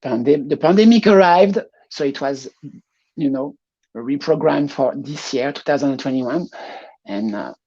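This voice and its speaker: A woman with a French accent, a pageant showgirl talking as a guest in a casual interview, laughing often and pausing to find her words. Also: a bass voice, animated, mellow, husky, lo-fi sound.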